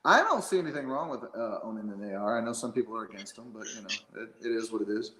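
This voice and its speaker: A man's voice: lowish voice, expressive, fast talker, roomy sound, noisy background. A man chatting casually as a guest, rambling with lots of fillers and restarts. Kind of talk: casual chat.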